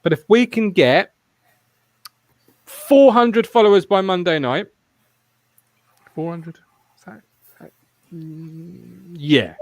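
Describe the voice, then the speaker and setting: A man's voice: high-pitched, takes it slowly, pauses often, no room sound. A man hosting a casual football fan podcast, rambling and swearing freely as he chats. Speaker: podcast host.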